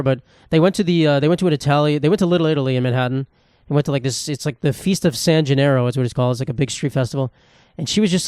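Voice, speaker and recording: A man's voice: fairly high pitch, darkish tone, no echo, clean studio sound. A young man in his twenties with a New Jersey accent, hosting a casual solo podcast, rambling and swearing as he mocks himself. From United States. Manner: rambling, profane, self-mocking. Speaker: podcast host.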